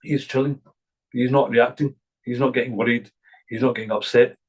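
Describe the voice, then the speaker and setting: A man's voice: medium pitch, level tone, moderate pace, poor audio. Man preaching earnestly. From Glasgow, Scotland. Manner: earnest, repetitive, emphatic preaching. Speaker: imam. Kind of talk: religious talk to a gathering.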